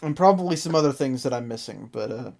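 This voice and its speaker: Podcast host, mid pitch, casual review chat, quick to exasperated outbursts. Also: vocal fry. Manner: animated, exasperated, laughs often.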